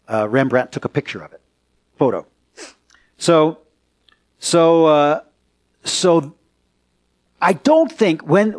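A pastor preaching a conversational sermon in a church, turning to the congregation with questions. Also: male voice, a little high, darkish tone.

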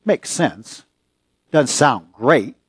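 A man preaching a sermon as pastor, earnest and emphatic, pausing mid-phrase. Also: medium pitch, expressive, slightly rough, dry recording.

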